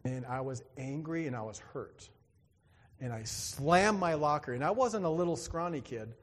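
In a long-reverb hall, a man preaches with a slightly high, expressive voice at a moderate pace. His sermon centers on a personal story, told with earnest drama as he voices the other people in it.

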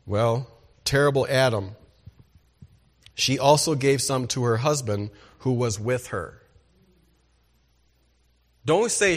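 A man's voice: mid-range voice, animated, slow pace, long pauses. A man preaching a sermon as pastor, emphatic and asking the congregation rhetorical questions.

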